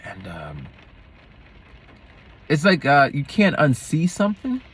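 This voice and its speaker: A man with a husky, slightly raspy voice telling a story in a casual vlog. His pitch swings widely as he rambles and hops from one thought to the next, the way a teacher chats off the clock. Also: wildly swooping pitch, takes it slowly, a bit bright. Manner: rambling, digressive, jumps between topics. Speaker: schoolteacher and vlogger.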